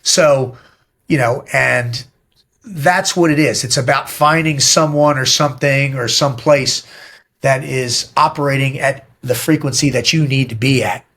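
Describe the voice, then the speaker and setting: A middle-aged man speaks as a podcast guest, blunt and emphatic, with plenty of swearing. He tells stories in a direct, forceful way. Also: mid-range voice, a little slow. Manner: blunt, profane, emphatic storytelling. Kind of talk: casual interview talk.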